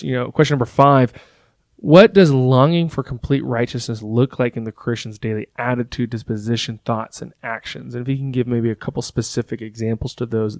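A man moderating a church leaders' discussion, asking questions in a measured, polite way. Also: medium pitch, a little mellow, no echo, studio quality.

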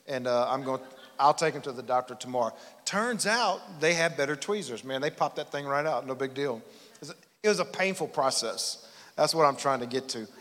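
Pastor preaching in a reverberant church. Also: male voice, mid-range voice, a bit bright. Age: 40s. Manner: folksy storytelling, self-deprecating, real talk. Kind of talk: sermon. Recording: long hall reverb in church.

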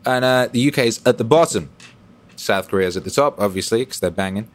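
A man hosting a casual livestream and reading chat aloud. He swears freely and swings between loud bursts and low mumbles. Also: brisk.

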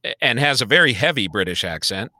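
In a casual movie review conversation, a male podcast co-host talks animatedly, swearing and letting out sighs. He has a mid-range, expressive voice that's bright and forceful, moving slightly quickly, captured with clean studio quality and no room echo.

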